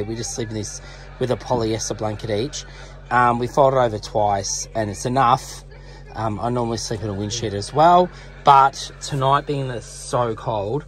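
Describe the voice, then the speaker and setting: A man with an Australian accent chatting casually to a handheld camera while camping in a van, laughing often and talking to his dog. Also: medium pitch. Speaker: vlogger. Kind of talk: casual vlog chat. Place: camper van and campground.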